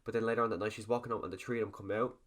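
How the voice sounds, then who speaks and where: A young man giving a rambling, animated video review of a TV episode, swearing freely as he goes. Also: fairly low pitch, racing.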